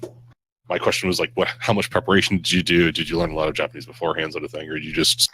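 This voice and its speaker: A man chatting casually on a podcast, asking halting questions full of fillers. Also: a bass voice, fairly even intonation, sharp tone, poor audio. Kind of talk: casual chat.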